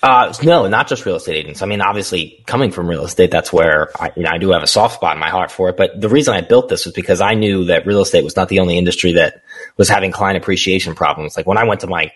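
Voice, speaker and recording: A man with a very low, deep voice speaks as a guest on an interview show. He tells his story candidly, in a relaxed conversational way, and he laughs easily. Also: fast talker, breathy edge. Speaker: guest, small business founder.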